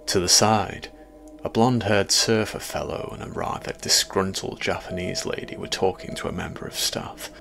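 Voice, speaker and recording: A man reads a first-person horror tale in a measured, quietly ominous manner. His voice sits very low, with a rough, gravelly edge. A faint hiss of noise lies under the reading. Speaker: horror story narrator.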